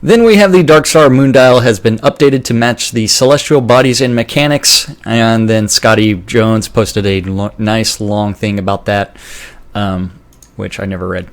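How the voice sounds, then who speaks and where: A man co-hosting a game news show in casual chat, wry and chatty, with halting restarts while going through the news. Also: on the low side.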